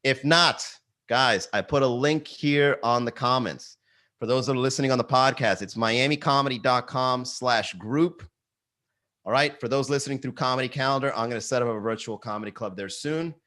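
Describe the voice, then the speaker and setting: A male comedian chatting on his daily live podcast in an ordinary mid-range voice. He tells rambling stories about his exes and swears freely. He keeps jumping into loud, high, exasperated voices to act out his reactions. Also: moderate pace. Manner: animated storytelling, swearing, jumps into high excited voices for quotes. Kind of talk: casual live-stream chat. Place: Miami.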